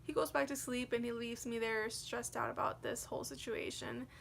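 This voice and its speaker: Chatty young woman with a gravelly edge. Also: fairly high pitch, moderate pace, a little hiss or hum. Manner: chatty, animated retelling with many "like"s. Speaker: vlogger. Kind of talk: casual storytime.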